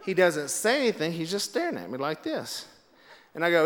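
A man telling funny stories to a live audience, animated and laughing through his own punchlines. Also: a little high, brisk, in a large hall. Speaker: storyteller. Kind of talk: comedic storytelling to a live audience.

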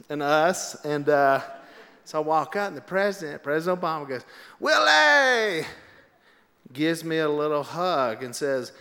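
Animated man telling stories onstage. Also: a little high, long reverb tail. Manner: animated, laughs through his own punchlines. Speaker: storyteller. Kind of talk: comedic storytelling to a live audience.

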